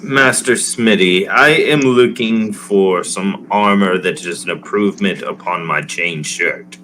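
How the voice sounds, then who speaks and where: A man's voice: sits low, unhurried, pushed and bright, slight background noise. A man playing in a tabletop game, speaking in a formal, stately way. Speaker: player. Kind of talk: in-character roleplay.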